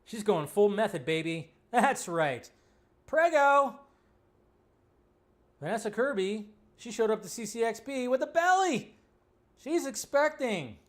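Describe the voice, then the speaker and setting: A man's voice: high-pitched, moderate pace. A man hosting a casual live movie news stream, ranting incredulously, with profanity. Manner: animated, incredulous rants with profanity.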